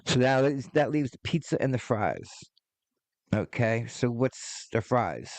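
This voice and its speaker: A man in his forties hosts a podcast in a mid-range, darkish voice, recorded dry. He rants casually and unhurriedly but with a lot of animation, swearing heavily, wandering into asides, and sounding exasperated.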